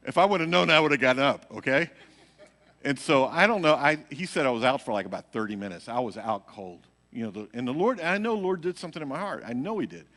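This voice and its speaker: Pastor, man, chatty storytelling sermon, acts out voices; bright tone, live hall reverb. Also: medium pitch, fast talker. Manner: animated, acts out quotes, laughs at own story. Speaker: pastor teaching a midweek Bible study. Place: church sanctuary.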